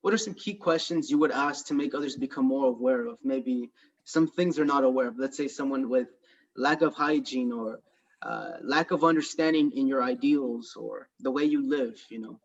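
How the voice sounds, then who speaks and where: A man's voice: medium pitch, moderate pace. A man with a Southern Californian accent, chatting hesitantly as a guest on a video call. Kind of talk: casual chat. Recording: distant, muffled video-call audio.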